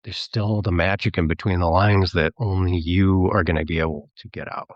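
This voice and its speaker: Deep-voiced man, chatty film guest. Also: fairly even intonation, fairly quick, no echo, dull audio. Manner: chatty, rambling, slips into mimicking voices when quoting. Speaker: filmmaker and actor, guest. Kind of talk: casual podcast interview.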